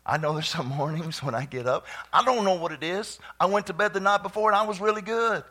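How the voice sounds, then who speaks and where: A man preaching a sermon, animated, with frequent repeated phrases, dropping to soft asides and building up to shouts. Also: sits high, fast. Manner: laughs often, repeats phrases. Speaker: pastor.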